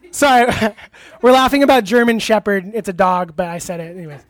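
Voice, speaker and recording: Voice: medium pitch, no echo. Chatty preacher questioning the audience. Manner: laughs easily, uses many fillers. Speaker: youth pastor. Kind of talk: interactive sermon. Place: church hall with a live audience.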